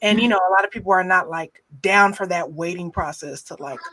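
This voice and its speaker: A woman's voice: fairly low pitch, a little fast, crowd noise. A woman co-hosting a podcast in casual chat, with chatty, joking asides. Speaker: podcast co-host.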